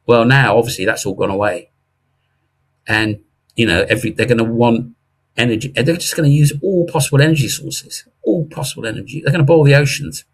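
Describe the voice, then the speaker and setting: A middle-aged man giving investment views in a casual interview, animated and jokey, with frequent restarts. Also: mid-range voice, a little fast, husky. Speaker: investment commentator guest.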